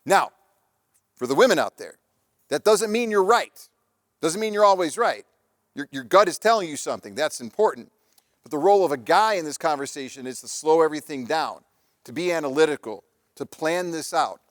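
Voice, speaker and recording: Chatty male presenter, slightly high voice. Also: expressive, normal speed, no room sound, clean studio sound. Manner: conversational, anecdotal, with frequent restarts. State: married father. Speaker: presenter on relationships and parenting. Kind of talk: live presentation talk.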